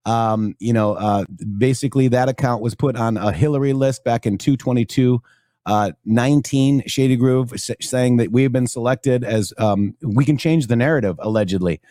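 A man co-hosts a live-streamed talk show in a relaxed, rambling way, reading out viewer comments as he goes. His voice sits at an ordinary pitch. The sound is dry and close to the mic. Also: normal speed, dry recording. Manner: loose, rambling, reads viewer comments aloud.

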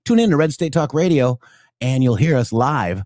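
A man co-hosts a live-streamed talk show in a relaxed, rambling way, reading out viewer comments as he goes. His voice sits at an ordinary pitch. The sound is dry and close to the mic. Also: moderate pace, no room sound. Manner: loose, rambling, reads viewer comments aloud.

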